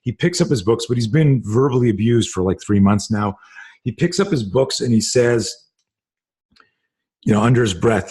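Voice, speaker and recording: A middle-aged man who teaches self-defense hosts a podcast, telling a story in casual, profane interview talk and acting out the dialogue. His voice is lowish, darkish, and husky, moving at normal speed.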